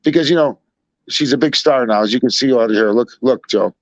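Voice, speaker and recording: A man's voice: mid-range voice, fairly quick, no room sound. A man from Chicago telling a long, rambling anecdote in casual conversation, full of asides and retold dialogue. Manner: rambling, animated retelling with many asides. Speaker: storyteller guest. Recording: dull lo-fi dry recording.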